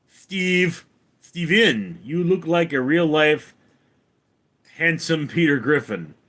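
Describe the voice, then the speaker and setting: A man hosting a casual livestream, reading out viewers' names and comments and answering them, calling the names out louder and higher than his replies. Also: lively intonation, takes it slowly. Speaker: streamer reading viewer chat; actor.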